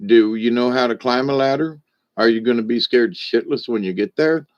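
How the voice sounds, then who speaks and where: A man's voice: mid-range voice, normal speed, dull audio. A man telling a joke and then reflecting on faith in a folksy, rambling way with many fillers. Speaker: speaker on spiritual lessons.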